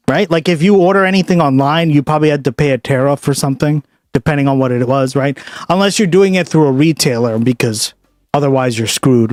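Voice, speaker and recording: Male live-streamer, casual reaction chat, voice a touch high, dry close mic. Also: darkish tone, dry recording. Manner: loose, chatty, peppered with "right?" and "like". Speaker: streamer reacting to news clips.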